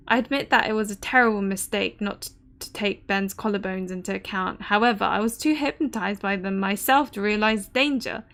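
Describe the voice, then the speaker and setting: A woman's voice: mid-range voice, brisk, few pauses, fairly bright tone, natural voice. A woman reading as a wry, anxious young noblewoman. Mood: earnest. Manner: formal, wry storybook phrasing. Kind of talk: reading game dialogue aloud.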